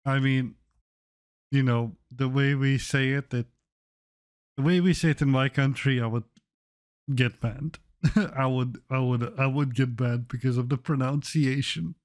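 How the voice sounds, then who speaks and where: A man's voice: medium pitch, steady tone, unhurried, pauses often. A young man streaming his reaction to a video, swearing often with blunt, incredulous asides. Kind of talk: casual reaction commentary.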